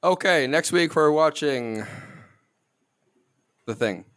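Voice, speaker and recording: A man's voice: a little high, lively intonation, slow pace, a bit bright. A man hosting a podcast in casual chat, playfully wrapping up the episode. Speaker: podcast host.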